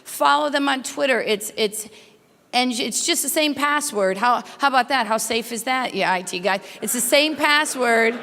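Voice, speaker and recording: Pitched fairly high with a sharp edge, this woman's voice echoes around a large hall. Hosting a hotel conference's corporate welcome night, she does bold crowd-work stand-up, needling listeners and racing through her anecdotes.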